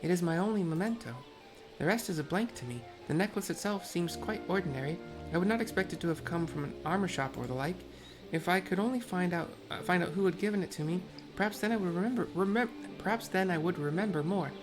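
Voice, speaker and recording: A man voicing a forgetful young woman who is lost and pleading, read softly with small stumbles. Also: high voice, lively intonation, fast talker, music in the background, voice pushed up. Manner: soft, hesitant reading with small stumbles.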